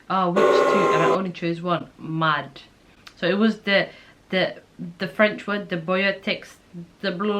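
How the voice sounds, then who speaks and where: A woman's voice: on the low side, fairly bright tone. A woman from the Netherlands vlogging casually, chatty and incredulous as she thinks aloud and reads quiz questions out. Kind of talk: casual chat while taking an online quiz.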